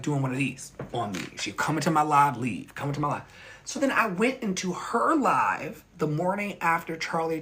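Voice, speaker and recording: Man, online pastor, casual livestream chat, candid, profane, laughs often, swooping pitch. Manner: candid, animated, swears freely, laughs often.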